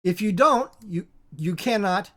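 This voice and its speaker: Bible teacher, informal spoken lesson, middling pitch, halting delivery with many restarts and emphatic repeats. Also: fairly bright tone. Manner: halting and repetitive, with frequent restarts and emphatic repetition.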